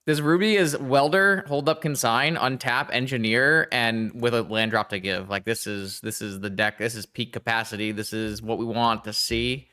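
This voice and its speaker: A man giving casual live-stream gameplay commentary, thinking aloud and talking to his chat in a chatty, excitable way. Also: mid-range voice, normal speed, few pauses, smooth.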